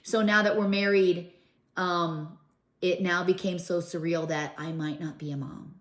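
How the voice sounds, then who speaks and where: A woman's voice: fairly low pitch, fairly even intonation, unhurried. Emotional middle-aged woman, roomy echo. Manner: earnest, emotional, with many fillers and restarts. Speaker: vlogger. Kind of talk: personal storytelling to camera.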